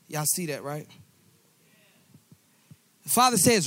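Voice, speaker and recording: A man's voice: high voice, animated, measured pace, pauses often, fairly bright tone, no echo. A man preaching a sermon with passion, repeating phrases and rising into a singsong cadence. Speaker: pastor.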